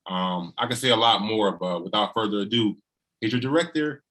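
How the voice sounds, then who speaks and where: A man's voice: on the low side, brisk, fairly bright tone. A man on a video call giving a tribute speech about his wife, earnest and folksy, often adding "you know".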